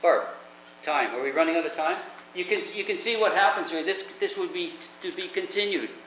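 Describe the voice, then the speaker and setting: A man's voice: high-pitched, brisk, fairly bright tone. Older man, rambling storyteller, echoey room, background noise. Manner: rambling, chatty, with frequent restarts. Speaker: host. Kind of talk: casual anecdotal storytelling.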